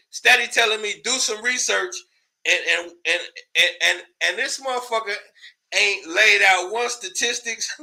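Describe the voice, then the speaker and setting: A man's voice: high voice, creaky, sharp tone. A man hosting a casual commentary show, ranting in a loose, profane way, laughing often and repeating words when worked up.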